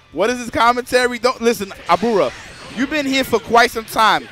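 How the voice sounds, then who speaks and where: High bright guy streaming a fighting game, crude jokes, keeps talking to chat, faint music under him. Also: expressive, fairly quick. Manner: crude, joking, talks straight to the chat. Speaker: streamer and tournament commentator. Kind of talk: casual live-stream commentary.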